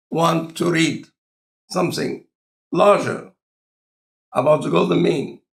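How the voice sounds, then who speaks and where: A man with an Egyptian accent and a non-native speaker of English, talking in a relaxed, conversational lecture style with deliberate, halting phrasing. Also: fairly high pitch, vocal fry. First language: Arabic. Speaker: scientist in conversation.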